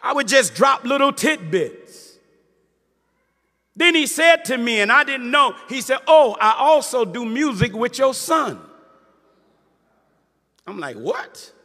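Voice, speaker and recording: A man, a minister giving a testimony sermon, who rises from storytelling into shouted preaching with quick asides to the audience. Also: extremely high pitch, lively intonation. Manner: preaching, rising to shouts, call-and-response asides. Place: large hall before an audience. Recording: live hall with reverb, crowd behind.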